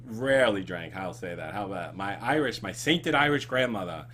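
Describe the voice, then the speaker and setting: A man's voice: on the low side, animated, normal speed, fairly bright tone, a little hiss or hum. A man hosting a casual comedy chat show, rambling with ums and laughs. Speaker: show host.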